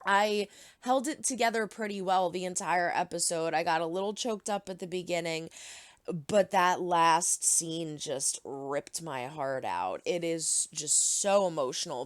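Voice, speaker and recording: A woman's voice: lowish voice, a little slow, no room sound, studio quality. A woman hosting a reaction video, giving earnest, emotional commentary in a casual way.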